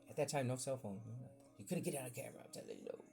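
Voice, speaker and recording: Gravelly man telling a rambling story. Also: mid-range voice, rapid-fire, over music. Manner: rambling, animated, acts out voices in quotes. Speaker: podcast host. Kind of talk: casual storytelling.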